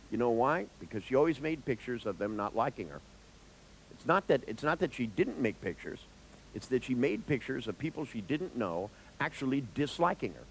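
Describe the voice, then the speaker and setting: Man, therapist lecturing a seminar, gravelly voice, lively swooping pitch, jokey. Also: slight background noise, low-quality recording. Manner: animated, joking, acts out dialogues with clients; speaks to the audience directly.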